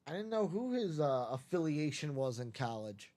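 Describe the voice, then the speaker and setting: A chatty male host on a live stream with a slightly high voice. He jokes easily and banters about football bets. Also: big pitch swings, normal speed, a little mellow. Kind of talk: casual chat.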